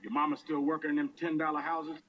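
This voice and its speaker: A man's voice: fairly high pitch, flat delivery, fast talker, highs cut off. Man cracking jokes off-mic over a crowd.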